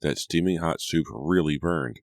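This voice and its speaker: A man narrating an audiobook in a steady, even storytelling manner. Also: extremely low pitch, a little slow, dry recording, studio quality. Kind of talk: scripted narration.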